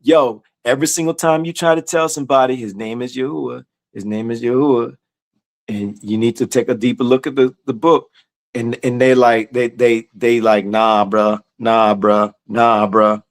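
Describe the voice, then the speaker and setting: A man leading an informal Bible study, blunt and emphatic, repeating his points in casual slang and reading scripture aloud slowly. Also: mid-range voice, fairly even intonation. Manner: reads scripture slowly in a raised, declaiming voice.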